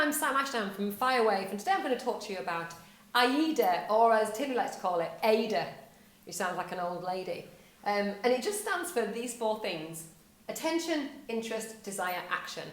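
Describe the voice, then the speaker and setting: A woman giving a casual whiteboard explainer to camera, upbeat and conversational, asking rhetorical questions as she presents a marketing tip. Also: mid-range voice. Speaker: estate agency owner presenting a marketing tip. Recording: echoey room.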